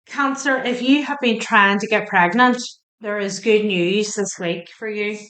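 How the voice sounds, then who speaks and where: A woman reads tarot cards in an unhurried, chatty way. She asks the cards questions aloud and gets emotional over them. Her voice sits at a middle pitch, and the room gives it a noticeable echo. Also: a bit bright. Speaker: tarot reader. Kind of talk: spoken tarot card reading.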